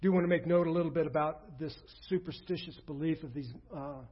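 Male pastor, earnest sermon delivery, high husky voice, muffled lo-fi recording. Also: a little fast. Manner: earnest, often dropping to a soft low voice.

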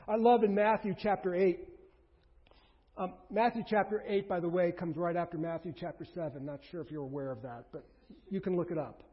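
A pastor preaching a sermon, emphatic, with rhetorical questions, swinging between loud and hushed. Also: male voice, high-pitched, brisk, breathy edge. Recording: reverberant hall, dull lo-fi sound.

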